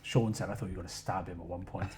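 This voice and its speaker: A man, a podcast guest telling a running story casually, animated and swearing freely. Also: sits low, quick pace, a little hiss or hum. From South Wales. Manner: animated, swears freely, acts out his own quotes. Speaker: podcast guest, ultra runner.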